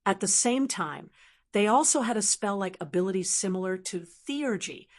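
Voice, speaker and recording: A woman narrating a fantasy novel audiobook at a mid pitch. Her reading is steady and even, with the measured pacing of scripted narration.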